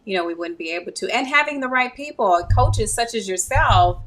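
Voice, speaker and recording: A woman's voice: fairly high pitch, lively intonation, a little fast, fairly bright tone. A woman hosting a talk show interview, affirming her guest and chatting easily, with frequent light laughs. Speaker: host.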